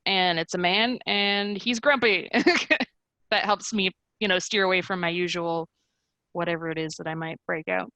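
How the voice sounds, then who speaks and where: A woman with a slightly low voice talks casually on a game-mastering panel, full of fillers and quick laughs. Her sound is dry and close to the mic. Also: a bit bright, no room sound, rough recording. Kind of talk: panel discussion chat.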